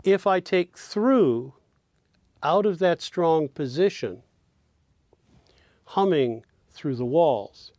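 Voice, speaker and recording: An animated man with a fairly high pitch and darkish tone, recorded with no echo, teaches a songwriting lesson on lyric stress and rhythm. His delivery is slow and explanatory as he counts beats and speaks sample lines.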